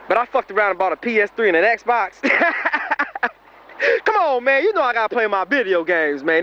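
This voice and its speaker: A young man with a high voice rambles in loose slang, chuckling between lines as he talks to a friend who is gone. He is recorded outdoors, with faint traffic and street noise behind him. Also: a bit bright, dull audio. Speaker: comedic monologue performer. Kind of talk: comedic monologue to a dead friend at a grave.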